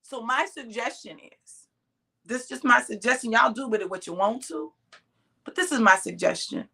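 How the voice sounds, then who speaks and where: Middle-aged woman preaching hard, bright sharp voice pitched a bit high, leans on every word. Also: creaky, husky. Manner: preaching directly to listeners, sharp and emphatic, slow drawn-out stresses. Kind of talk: sermon-style exhortation.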